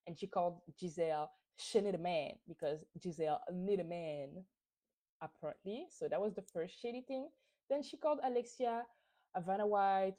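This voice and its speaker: A woman's voice: lowish voice, mellow. A woman hosting a podcast, recapping a reality show in a casual, opinionated, gossipy way with lots of fillers. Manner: opinionated and chatty, with many fillers. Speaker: podcast host.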